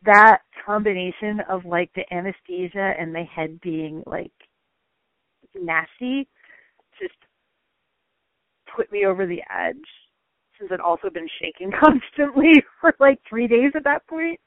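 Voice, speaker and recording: Woman interview guest, chatty and animated, lots of "like", mid-height voice, thin phone-band sound, dry. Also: medium pitch, measured pace, long pauses, no echo. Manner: animated, frequent "like" fillers, laughs mid-sentence. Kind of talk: casual personal storytelling. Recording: tinny phone-like line, dry.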